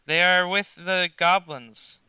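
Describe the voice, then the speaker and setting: A man narrating as game master, asking dry, deadpan questions. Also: high voice, takes it slowly, clean tone, dry recording.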